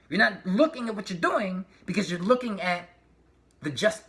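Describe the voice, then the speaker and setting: A man vlogging in a casual, rambling spiritual rant, slangy and profane, with shouted outbursts. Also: high voice, expressive, normal speed, gravelly. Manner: slangy street talk.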